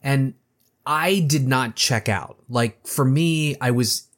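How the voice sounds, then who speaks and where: A man casually discussing a horror movie with a co-host, animated and acting out lines as he talks. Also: medium pitch, slow. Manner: animated, acts out quotes, conversational asides.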